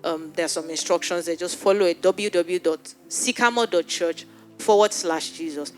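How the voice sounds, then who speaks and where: Earnest woman pastor with low voice. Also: moderate pace, soft background music. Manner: earnest, pleading, repeats words. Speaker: pastor leading an altar call. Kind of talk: sermon altar call and prayer. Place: church hall with live audience.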